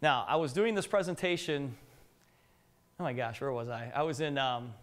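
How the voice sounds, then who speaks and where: A man's voice: medium pitch, moderate pace, a bit bright. A middle-aged man giving a live business presentation to an audience, telling joking stories and putting questions to the room.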